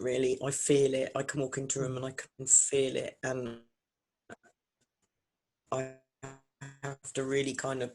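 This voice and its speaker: A woman in her forties, a singer and vocal coach, chatting as an interview guest and acting out the voices in her stories. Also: very deep voice. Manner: animated storyteller acting out quotes. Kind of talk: casual interview chat.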